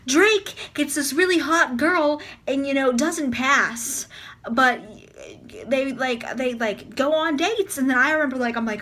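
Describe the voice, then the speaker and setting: A woman's voice: sits high, measured pace, fairly bright tone, a little hiss or hum. A young woman telling a story in a casual vlog, rambling and chatty with lots of filler words. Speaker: vlogger.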